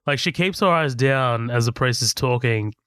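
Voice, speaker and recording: A man talking through a movie in a loose, chatty way, with frequent laughs and curse words. His voice sits at an ordinary middle pitch and sounds close and dry, with no room around it. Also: normal speed, fairly bright tone, smooth, no room sound. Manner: loose and laughing, swears often, recaps scenes. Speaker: podcast co-host. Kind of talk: casual movie commentary.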